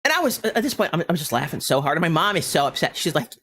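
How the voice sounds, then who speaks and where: Talking fast in a fairly high voice, a man shares a funny tale as he streams a game. The gaming streamer's delivery is lively and casual, frequently interrupted by his own laughter.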